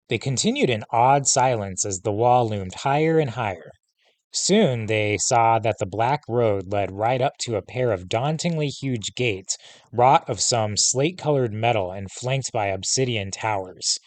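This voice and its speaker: A man, a teacher, reading a novel aloud in steady, measured narration. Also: medium pitch, no room sound. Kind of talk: storybook narration.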